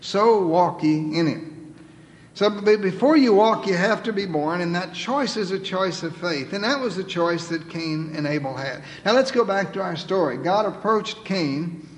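A man with a high, lifted voice preaches from the pulpit, reading scripture aloud with emphasis. He swings from forceful declarations down to soft, pleading appeals. A long hall reverb trails each phrase. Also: animated, moderate pace. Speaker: pastor. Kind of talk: sermon. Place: church sanctuary.

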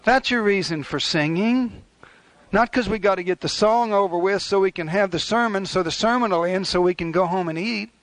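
Folksy older preacher, higher-pitched voice. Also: male voice, moderate pace, fairly bright tone, dry recording. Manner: folksy, conversational preaching with acted asides. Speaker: pastor. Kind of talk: sermon.

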